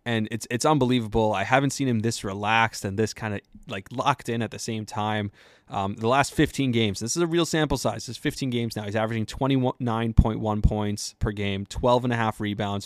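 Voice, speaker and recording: A man with a lowish voice talks through basketball in a loose, rambling way. His speech is full of fillers and quick asides. The recording is dry and close, with no room sound. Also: dry recording. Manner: chatty and rambling, with many fillers. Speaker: sports podcast host. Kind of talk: casual sports commentary.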